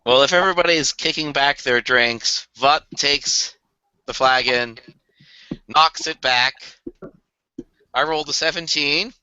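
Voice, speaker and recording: A man's voice: fairly high pitch, unhurried, pauses often, bright, forceful tone, clear, resonant tone, dry recording. A man playing a character at a tabletop game, wry and playful. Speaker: player. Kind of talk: in-character tabletop role-play. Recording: dry, dull lo-fi recording.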